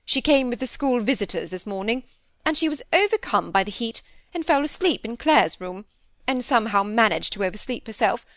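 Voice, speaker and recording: A woman's voice: a little high, animated, brisk, fairly bright tone, no echo. A woman voicing a stern, imposing older aristocratic lady in a storybook reading. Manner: stern, firm.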